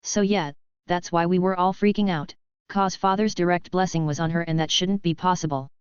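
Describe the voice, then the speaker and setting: A woman voicing a sardonic, weary male fallen angel leader in a dry, deadpan way. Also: fairly low pitch, normal speed, clean tone, no echo, close to an everyday voice. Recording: dull lo-fi audio.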